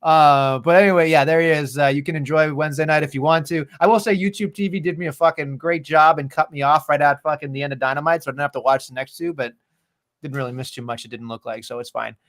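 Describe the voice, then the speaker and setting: A man's voice: fairly high pitch, fairly even intonation, quick pace, fairly bright tone. A man co-hosting a podcast in casual, jokey chat, swearing freely. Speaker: podcast co-host.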